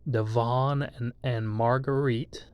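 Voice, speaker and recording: Slow grieving man, flat delivery. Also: medium pitch, smooth, no room sound, dull audio. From southeast Texas. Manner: halting, many pauses and restarts, grieving. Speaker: channel host. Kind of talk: reading an obituary to viewers.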